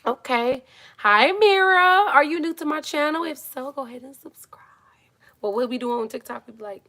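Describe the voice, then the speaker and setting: A woman chats into her phone on a live stream, her voice sitting a little higher than most. She is animated and talkative, greeting viewers by name and slipping into soft muttered asides. The sound is close and boxed in, from a small closet. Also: fairly quick. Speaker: YouTuber hosting a live Q&A stream. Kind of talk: casual live-stream chat.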